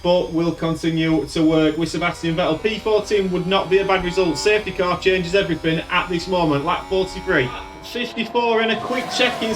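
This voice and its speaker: A man's voice: high-pitched, background noise. A man commentating his racing management game in a casual, exasperated way. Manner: exasperated, running race commentary. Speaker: gaming video host. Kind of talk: casual let's-play commentary. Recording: distant mic with game music behind. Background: game music.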